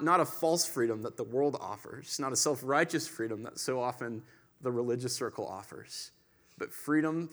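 A man's voice: mid-range voice, fairly bright tone. Male pastor, mid-range voice, preaches like he's chatting, personal stories, emphatic swells. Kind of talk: sermon.

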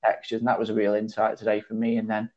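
A man co-hosting a golf podcast, speaking casually and warmly appreciative of the talk. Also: lowish voice, completely flat delivery, fast. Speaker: podcast co-host. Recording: dull lo-fi podcast audio.

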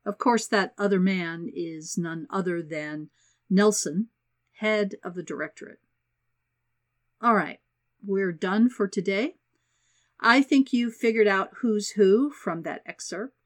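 A woman hosting a podcast, narrating a story excerpt in a friendly, measured way. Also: medium pitch. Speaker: podcast host.

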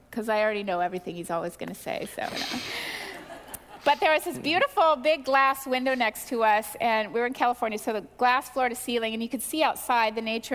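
Middle-aged woman, higher voice, candid testimony sermon, long hall reverb, animated and self-deprecating. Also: smooth. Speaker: pastor's wife sharing testimony.

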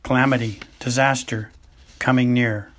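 Husky old fortune-teller lady, haughty and dithery, lots of ums, man reading her lines in his own voice. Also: medium pitch, fairly even intonation, fairly bright tone, lightly acted. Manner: hesitant, halting with ums and uhs. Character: dithery eccentric older woman seer, haughty. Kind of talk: amateur audiobook reading.

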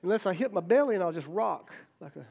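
A man's voice: high-pitched, animated, fast talker, gravelly, a little mellow, breathy edge. A middle-aged male pastor giving a folksy, joking sermon, checking in with "okay?" and "right?" and acting out the voices in his stories. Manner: acts out quoted voices in stories.

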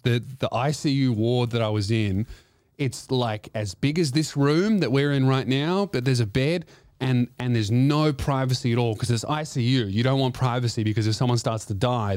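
A man's voice: medium pitch, darkish tone, no echo, clean studio sound. A man who is a comedian and podcast host, telling a profane, rambling comic story full of restarts.

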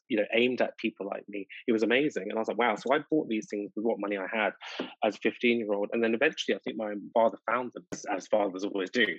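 A man from the United Kingdom, interviewed about his own life, talking in a reflective way and often filling pauses with "sort of" and "you know". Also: on the low side, breathy edge, dry recording. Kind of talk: personal storytelling in conversation. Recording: dull lo-fi dry recording.

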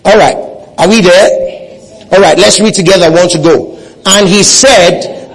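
A man's voice: high voice, normal speed, poor audio. A man preaching a sermon, leading his congregation in call-and-response and repeating phrases for emphasis. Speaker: pastor.

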